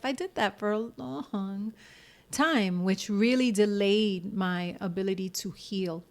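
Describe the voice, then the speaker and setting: A woman's voice: mid-range voice, unhurried. An American woman, a singer-songwriter and actress, telling her story candidly in a casual interview and acting out the voices of people she quotes.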